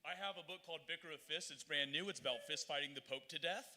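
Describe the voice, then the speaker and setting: Male author, quick and very bright, stumbling starts, reverberant venue. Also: on the high side. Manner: rapid, hesitant starts. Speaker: author reading at the show. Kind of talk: self-promoting banter. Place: bar stage.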